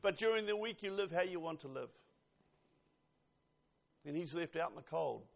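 Earnest older male preacher, gravelly. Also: fairly high pitch, animated. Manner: earnest, pausing, with rising and falling emphasis. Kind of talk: sermon. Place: church.

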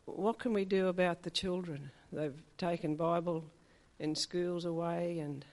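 At a church meeting, an older woman gives a personal testimony in a chatty storytelling style, acting out the quoted dialogue. Her lowish voice is steady, unhurried and a little mellow.

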